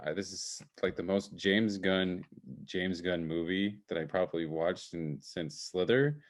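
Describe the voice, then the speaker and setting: Low-voiced man reviewing films. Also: animated, a little slow. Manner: enthusiastic, rambling with many fillers. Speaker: podcast co-host, film reviewer. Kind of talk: casual video-call film chat. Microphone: video call.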